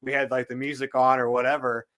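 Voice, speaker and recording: A man as a podcast guest, telling a story in a casual, animated way and acting out what people said. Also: medium pitch, quick pace, over a noisy crowd. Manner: animated storyteller, acts out quotes.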